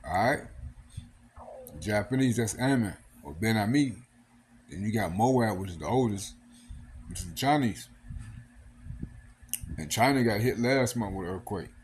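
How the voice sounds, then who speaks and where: A man's voice: on the low side, a little hiss or hum. A man giving a casual sermon, reading scripture aloud and often adding "man" and "all right". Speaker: preacher. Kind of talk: casual street-style sermon.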